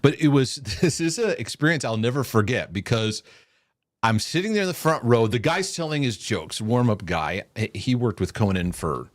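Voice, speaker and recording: A man's voice: medium pitch, normal speed, dry recording, studio quality. A man, a former pastor from the United States, telling a story in casual chat and quoting what people said. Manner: animated storyteller, repeats words, quotes people. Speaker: podcast host, former pastor.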